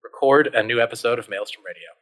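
A man's voice: medium pitch, fast talker, a bit bright, poor audio. A man narrating a choose-your-own-adventure tabletop story he wrote. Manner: dramatic storytelling. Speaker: narrator and writer.

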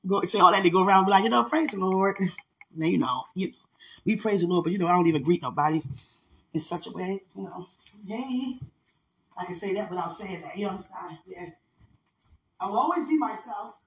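A woman's voice: fairly low pitch, quick pace, husky. A woman hosting a podcast, chatting casually into her phone while getting dressed at home, playful and teasing, and a little out of breath. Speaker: podcast host.

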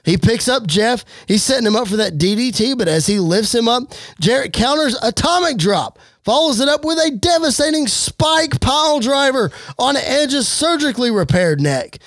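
A man giving energetic play-by-play wrestling commentary over a game. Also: very high voice, moderate pace, no room sound, studio quality. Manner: energetic play-by-play, occasional slips. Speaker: game narrator.

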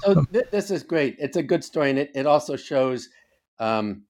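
A slightly high, somewhat mellow voice belongs to an older man, formerly a Coast Guard officer, appearing as a podcast guest. He's animated and talks at normal speed, swearing freely and stressing his points in a casual, story-driven interview.

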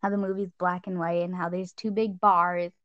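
A teenage girl casually chatting as she reviews a film, lively and full of retellings. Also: moderate pace, no room sound, dull audio. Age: teens. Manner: animated, acts out scenes in squeaky voices. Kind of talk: casual chat.

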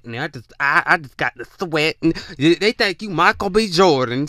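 Over heavy background noise, a man hosts a podcast with a preachy motivational monologue, repeatedly calling out to listeners and often restarting with repeated words. His voice sits on the high side, animated, at a moderate pace.

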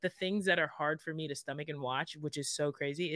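A podcast guest telling rambling, emotional stories in casual chat. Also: male voice, fairly high pitch, steady tone, a little fast, a bit bright, dry recording, clean studio sound. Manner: emotional, rambling storyteller with many fillers.

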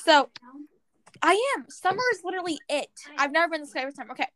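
Bubbly high-voiced teenage girl. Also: racing, fairly bright tone. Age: teens. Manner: bubbly, reads out countdowns. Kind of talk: casual chat among friends.

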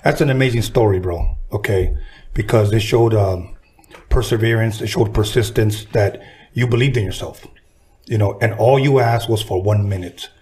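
A man's voice: on the low side, moderate pace, a little mellow. A man interviewing a guest in a casual talk, giving short replies and words of encouragement.

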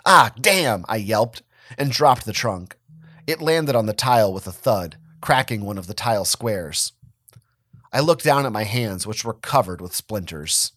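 A man giving a dramatic reading of a first-person story, expressive and wry. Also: on the low side, unhurried, no echo, studio quality. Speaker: reader of a fan story.

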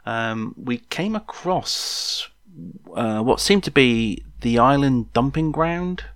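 A man's voice: medium pitch, animated, slow pace, fairly bright tone, smooth, no room sound, clean studio sound. A man in his sixties, casually telling a memoir story in a rambling, jokey way, with many ums and asides to the listener. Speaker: podcast storyteller.

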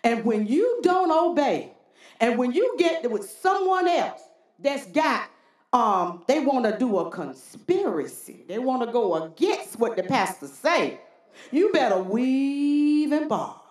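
A woman preacher delivers a folksy, call-and-response sermon in a high, lively voice that swoops up and down. She takes her time and lets her lines land slowly. The church hall around her is roomy and echoing.

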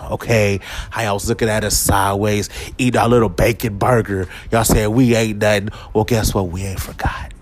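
In a casual, humorous rant, a podcast host lets his voice rise and fall freely. He stays animated, changing pitch and volume, and every so often adopts a low, mock voice.

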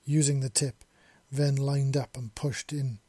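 A man narrating a romance story in a quiet, intimate reading. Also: mid-range voice, flat delivery, unhurried, dry recording.

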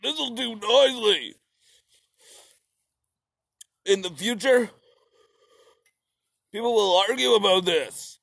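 A whiny, smug philosopher whines and gloats, as a man mocks him in a high, pushed voice. It is a loud, exaggerated mockery, recorded dry and close. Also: animated, a little slow, vocal fry, no echo, exaggerated voice. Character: grumbling male philosopher, smug about his theory.

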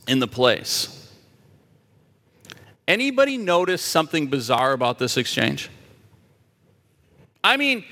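A man's voice: fairly high pitch, bright, forceful tone, long reverb tail. A man preaching a sermon as a pastor, emphatic and asking the audience rhetorical questions.

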